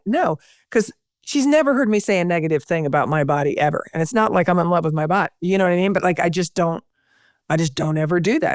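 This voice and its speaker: A middle-aged woman, a podcast guest, telling lively stories and acting out the voices she quotes. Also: lowish voice, no room sound, studio quality. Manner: animated storyteller, acts out quoted voices. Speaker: podcast guest, broadcaster and speaker. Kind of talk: conversational interview.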